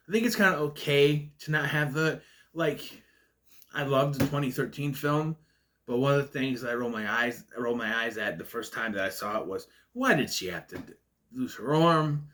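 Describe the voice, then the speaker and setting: Male film reviewer with a stutter, ranty and nitpicky, mid-pitched, casual vlog delivery. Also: fairly bright tone. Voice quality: stutters, stalls on words. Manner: ranting, nitpicky. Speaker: movie reviewer.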